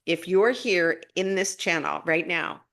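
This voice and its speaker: A middle-aged woman hosting a live spiritual guidance stream, chatting casually as she answers viewer comments, laughing often and swooping up in pitch when excited. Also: measured pace, gravelly.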